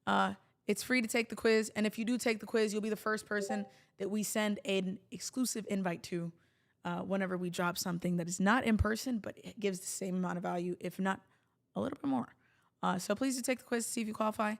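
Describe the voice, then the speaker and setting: A woman's voice: medium pitch, fairly even intonation, a little fast, creaky. A woman hosting a livestream, talking casually to her viewers in a chatty, rambling way with jokey asides. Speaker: livestream host.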